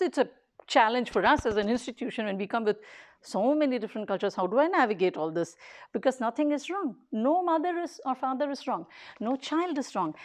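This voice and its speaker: A woman with a high voice gives an earnest public talk. She speaks in short, emphatic phrases and repeats key points as she builds her case. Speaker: daycare leader.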